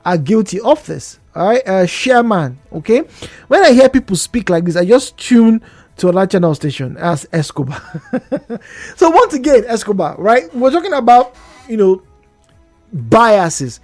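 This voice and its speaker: Nigerian man, radio host, animated swinging pitch, dry close studio mic, chatty and questioning. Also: moderate pace, no echo, soft background music. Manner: chatty, rhetorical questions, laughs between points. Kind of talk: call-in radio talk. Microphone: studio microphone.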